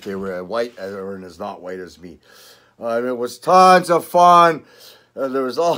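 An older man with a Canadian accent chats casually in a vlog, rambling along and often swearing and laughing. His voice sits in the mid range with a fairly bright tone.

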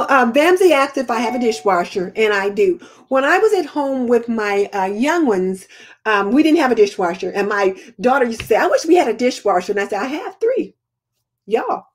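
A woman's voice: a little high, expressive, normal speed. An older woman, chatting casually as host of a live homemaking Q&A and answering viewer comments.

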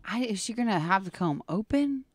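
A woman's voice: mid-range voice, animated, normal speed, slightly rough, dry recording. A woman co-hosting a radio morning show in a studio, teasing her partner and laughing easily. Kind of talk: casual on-air banter.

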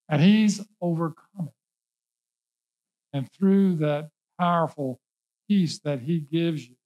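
A man's voice: a little high, highs cut off. A male pastor preaching a sermon, emphatic and folksy, repeating key words and mixing in casual asides. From Norfolk, Virginia.

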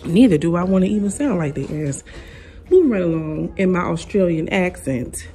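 A woman's voice: fairly low pitch, expressive, moderate pace, mellow, a little hiss or hum. A woman giving casual opinion commentary in a sassy, blunt way, talking straight to her viewers. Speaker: commentary vlogger.

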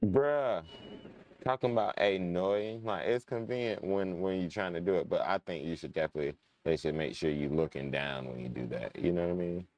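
A man's voice: sits low, a little fast, few pauses, a little mellow, no echo. A young man casually commenting while playing a game, chatting to his viewers and muttering when frustrated. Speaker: gaming channel host. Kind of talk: casual let's-play commentary.

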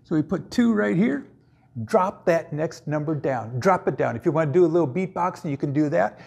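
Husky, high-voiced goofy math teacher. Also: male voice, expressive, fairly quick, a little mellow. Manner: goofy, jokey, sings and puts on silly voices. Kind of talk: playful math lesson.

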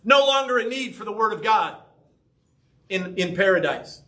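A man's voice: high-pitched, lively intonation, moderate pace, pushed and bright. A man preaching a sermon as pastor, talking conversationally and often checking in with "right?" and "okay?". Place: church sanctuary.

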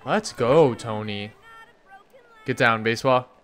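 A man giving excited game commentary as a gaming YouTuber, hyped and cheering players on by name. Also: mid-range voice, takes it slowly.

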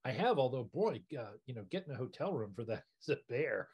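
A man chatting casually as an author guest, relaxed and a bit halting. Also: medium pitch, slightly rough. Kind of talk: casual chat.

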